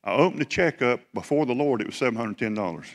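Southern preacher telling a testimony in a hall. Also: male voice, medium pitch, fast talker. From South Georgia, USA. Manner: animated storytelling, building to fervent praise. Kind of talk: testimony sermon. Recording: reverberant hall.

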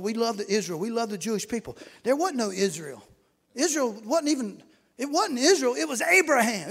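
A man preaching a fervent, folksy sermon and reading scripture aloud in a church. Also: extremely high pitch. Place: church sanctuary. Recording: echoey hall with long reverb.

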